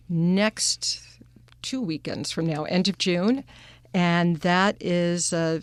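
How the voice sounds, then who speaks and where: A woman's voice: lowish voice, smooth, no room sound. A woman from a museum staff, speaking in an upbeat, friendly way in a radio interview in a studio.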